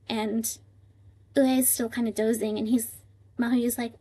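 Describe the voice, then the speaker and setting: A woman's voice: on the high side, flat delivery, measured pace, long pauses, mellow, slightly rough. A woman streaming live, thinking aloud as she translates, with many fillers and emotional asides. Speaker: livestream translator. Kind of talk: casual live-stream chat.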